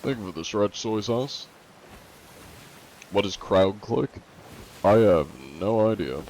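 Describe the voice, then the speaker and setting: A man's voice: on the low side, lively intonation, slow pace, darkish tone, slight background noise. A young man streaming live, chatting casually with viewers and joking at his own expense. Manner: jokey, self-deprecating, answers chat.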